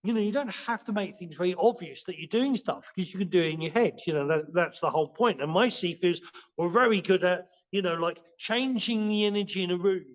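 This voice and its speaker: Male martial arts teacher as a podcast guest; high voice, loose rambling delivery, muffled lo-fi recording. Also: fairly quick. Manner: rambling, with many restarts and fillers. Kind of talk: casual spoken explanation in a podcast interview.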